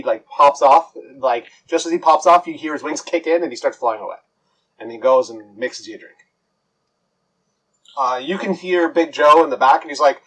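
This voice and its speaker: A man's voice: mid-range voice, normal speed, rough recording. A man narrating as game master, rambling with lots of fillers and restarts.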